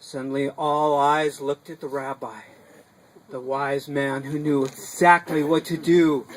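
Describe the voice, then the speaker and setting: A man telling a folk tale to a small group in a sukkah, dramatic and animated, with sudden swings between loud and hushed. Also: fairly high pitch, a little slow, poor audio. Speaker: storyteller. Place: sukkah, a small outdoor booth.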